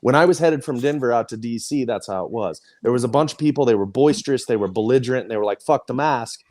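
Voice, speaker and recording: A man's voice: medium pitch, fast, darkish tone. A man, a podcast host, venting emphatically with lots of swearing in casual group talk. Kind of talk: heated casual chat.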